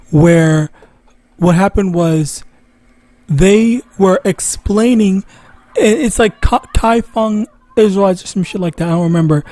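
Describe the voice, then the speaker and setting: Mellow-voiced man giving a rambling lesson. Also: high-pitched, dry recording. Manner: rambling, self-correcting. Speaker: online Bible teacher. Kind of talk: casual religious lesson.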